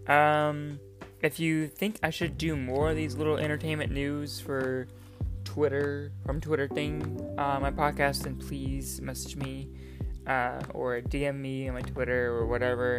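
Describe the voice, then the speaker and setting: A woman hosting her own casual podcast, rambling on with frequent swearing and self-mocking asides. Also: deep voice. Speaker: podcast host.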